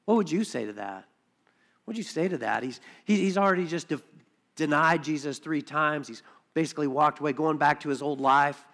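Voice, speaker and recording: A male pastor delivers a sermon, his voice sitting a little high with a gravelly, fry-tinged texture. He drives his points home through repetition and slips into quoted voices as he retells a biblical scene. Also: fairly bright tone. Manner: preaching with rising intensity and repetition.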